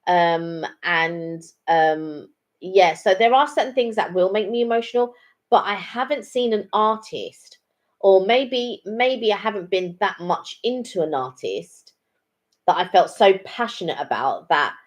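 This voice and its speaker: Speaking a little slowly, at medium pitch and with animation, a middle-aged woman co-hosts a live chat stream. Her talk is casual, and her storytelling meanders, peppered with ums and restarts.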